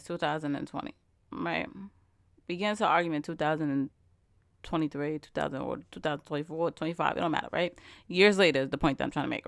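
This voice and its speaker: A woman's voice: low voice, vocal fry, fairly bright tone, no echo, clean studio sound. Emphatic woman hosting a podcast. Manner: emphatic, conversational, colloquial with rhetorical questions. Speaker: podcast host. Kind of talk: casual solo podcast monologue.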